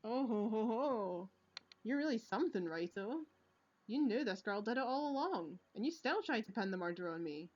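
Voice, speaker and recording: A woman's voice: a little high, animated, normal speed, darkish tone. A woman voicing a smug, menacing older male police chief who gloats and laughs heartily, read aloud from a video game. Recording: lo-fi recording.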